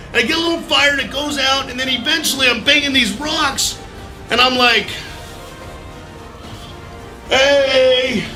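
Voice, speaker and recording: Man, high voice, very bright, animated storyteller, some quiet music behind. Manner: animated, acts out his own voice in quotes, loud bursts; mild profanity, folksy. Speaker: recovery speaker. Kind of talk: motivational storytelling talk.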